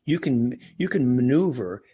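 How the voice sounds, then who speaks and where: A man's voice: mid-range voice, animated, measured pace, mellow, slightly rough. A middle-aged man talking casually as a podcast guest, often restarting and repeating words. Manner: frequent restarts and stammered repeats. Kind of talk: casual interview talk.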